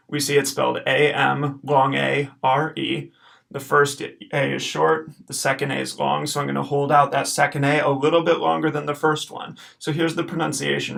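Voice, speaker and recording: A man teaching a recorded homework lesson over slides, explaining step by step in a patient way and checking in with a quick okay. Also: on the high side, creaky, fairly bright tone. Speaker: Latin teacher.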